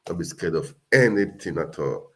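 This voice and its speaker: Deep-voiced man, earnest livestream. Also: expressive, moderate pace, a bit bright. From Nigeria. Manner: earnest, repetitive, exhorting. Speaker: livestream host. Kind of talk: casual livestream talk.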